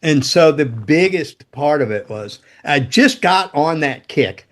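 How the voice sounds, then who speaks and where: A man's voice: fairly high pitch, animated, slow pace, a bit bright. A man in his sixties, a former guitar tech, telling profane, rambling road stories as a podcast guest. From United States. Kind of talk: casual storytelling.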